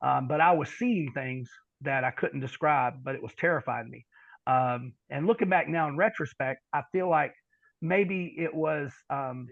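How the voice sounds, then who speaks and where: A middle-aged man telling a long personal story on a podcast, halting and repeating words, then dropping into quiet asides. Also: fairly high pitch, vocal fry, no room sound, narrow, tinny audio. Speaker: podcast guest. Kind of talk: storytelling in conversation.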